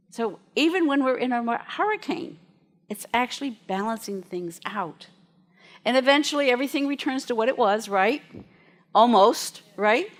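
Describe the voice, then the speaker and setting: A woman minister preaches to her congregation with a slightly high voice. She tells stories in a chatty, lively way and often laughs along the way. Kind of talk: storytelling sermon to a congregation.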